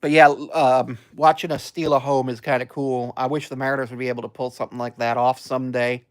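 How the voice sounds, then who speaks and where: Young male streamer, casual chat, rambling and relaxed, mid-range voice, lots of filler. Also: mid-range voice, quick pace, smooth. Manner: rambling, laid-back, frequent ums and chuckles.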